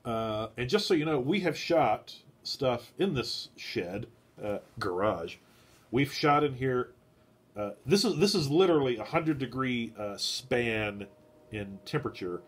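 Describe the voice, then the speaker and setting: A man hosting a casual live stream from his garage shed. He rambles, fills pauses with "uh", chats with viewers, and has a stuffy nose. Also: medium pitch, animated, slightly rough. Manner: meandering, heavy on "uh" fillers, chats with viewers.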